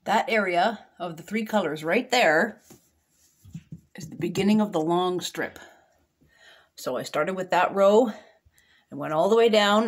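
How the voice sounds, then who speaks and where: A woman hosting a quilting tutorial, explaining her work in a relaxed, plain-spoken way. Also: on the low side, unhurried, long pauses. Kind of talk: casual voice-over explanation.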